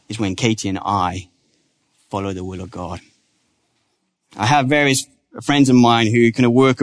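A man preaching a church sermon in an earnest, conversational way, slowing down to stress the quotes he reads. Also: medium pitch.

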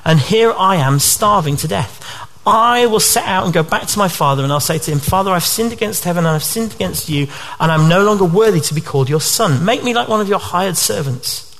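A broke young son , read aloud by a male preacher, pleads to be taken back as a hired hand. The voice sits a little high and comes humble and pleading. The reading is slow and deliberate. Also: animated, fairly bright tone, big-room sound. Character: repentant young man pleading to return home.

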